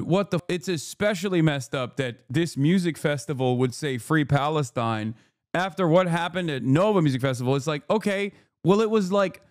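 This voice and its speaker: Brief: male streamer, sarcastic, profane, rapid-fire, smooth, dry close mic. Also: high voice, no room sound. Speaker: streamer reacting to news clips. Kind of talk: casual commentary.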